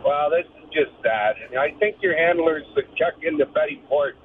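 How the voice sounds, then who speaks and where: A man's voice: on the high side, normal speed, narrow, tinny audio, a little hiss or hum. A man joining a radio show with dry, teasing jokes. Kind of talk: joking radio banter.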